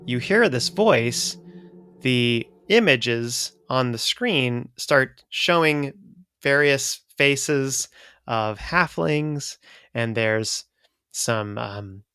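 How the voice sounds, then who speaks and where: A man running a tabletop game as game master, describing scenes haltingly with many fillers. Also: mid-range voice, lively intonation, pushed and bright, clean tone, dry recording.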